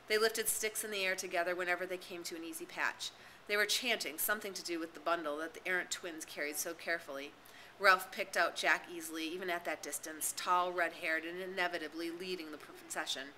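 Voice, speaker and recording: A woman's voice: lowish voice, pushed and bright, slight background noise, rough recording. A woman narrating a novel as an audiobook, reading expressively and dramatically. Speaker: reader and tutor.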